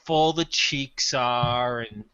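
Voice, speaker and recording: A chatty man at a tabletop game, his voice bright and a little sharp as he lays out his character's plans in detail. The mic is dry and dull, with no room sound. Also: mid-range voice, very slow, clear, resonant tone, no echo. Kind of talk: casual tabletop role-play.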